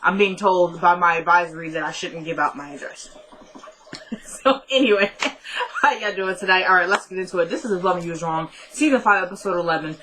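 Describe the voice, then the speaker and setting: A young woman casually recapping a TV episode, telling it as an animated story and often laughing. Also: mid-range voice, low-quality recording.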